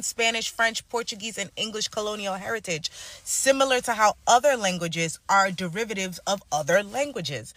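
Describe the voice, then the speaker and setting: A woman with a Jamaican accent giving emphatic direct-to-camera commentary, slipping into quick patois. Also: mid-range voice, fairly bright tone, dry recording. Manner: emphatic, switching into fast patois.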